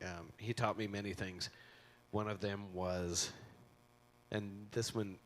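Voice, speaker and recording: A man's voice: on the low side, fairly even intonation, slow. A man speaking at a memorial, giving a casual, rambling eulogy full of anecdotes and jokes about his friend into a microphone. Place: convention center event hall.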